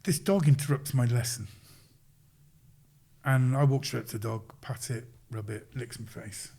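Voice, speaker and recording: Man, middle-aged, mid-range pitch, chatty anecdotes, acts out dialogue, chuckles. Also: moderate pace, vocal fry, slightly rough. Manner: lively retelling, acts out quoted lines, chuckles. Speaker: podcast guest, sports coach. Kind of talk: casual anecdotal storytelling.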